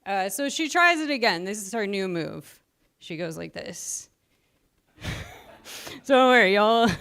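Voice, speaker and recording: A woman's voice: a little high, lively intonation, a little slow, a bit bright. A woman in her thirties doing a self-deprecating stand-up comedy set, out of breath and laughing at her own jokes.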